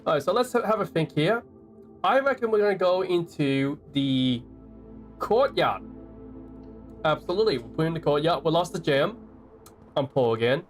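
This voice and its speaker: Lively, high-pitched Australian man streaming a game. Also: normal speed, pauses often, soft background music. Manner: chatty, playful, reading game notes aloud and chatting to viewers. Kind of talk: live gameplay commentary.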